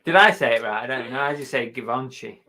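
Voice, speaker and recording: Host, male, London accent, bright and teasing, casual stream banter. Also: mid-range voice, fast. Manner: joking, teasing, chatty. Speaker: reseller vlog host. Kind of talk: casual live-stream chat.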